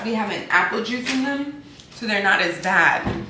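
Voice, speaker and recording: This vlogger sounds sleepy and tired, yet her mid-range voice is expressive, pushed and bright at a normal speed as she chats candidly and at length to camera. Faint background noise and a roomy echo color the recording.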